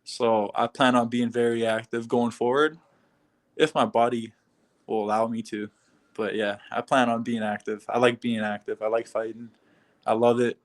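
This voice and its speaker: A young man with an average, middle-pitched voice, answering questions over a video call. He talks in an easygoing, laid-back way and breaks into soft laughs now and then. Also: level tone, moderate pace. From Canada. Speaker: fighter being interviewed. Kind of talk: casual interview answers.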